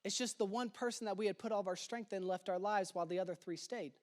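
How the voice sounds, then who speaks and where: A pastor preaching a sermon in a casual storytelling way, with animated emphasis. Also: male voice, sits high, fast talker.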